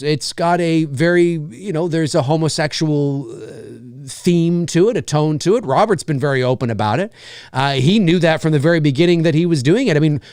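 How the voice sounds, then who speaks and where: A man hosting a live film talk, enthusiastic and rambling with many fillers, dropping into quick mimicked voices. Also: a little high, no echo, studio quality. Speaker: host.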